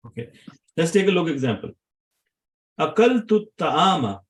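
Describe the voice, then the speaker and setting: Higher-voiced man teaching a class. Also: very animated, normal speed, rough recording. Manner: checks in with students, asks questions. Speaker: Arabic grammar teacher. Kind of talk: classroom lesson with students.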